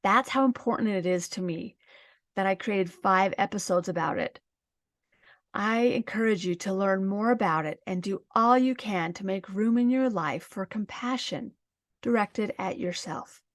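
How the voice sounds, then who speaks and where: A woman hosting a self-help podcast, calmly guiding listeners through exercises in a slow, gentle, encouraging way. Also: mid-range voice, no echo, clean studio sound. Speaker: podcast host.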